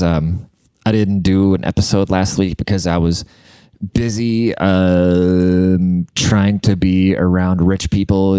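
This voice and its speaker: A man's voice: low-pitched, mellow, clear, resonant tone, dry recording, clean studio sound. A man hosting his own podcast, telling crude comedic stories in a rambling, casual way full of "like" fillers. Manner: rambling and crude, heavy use of "like".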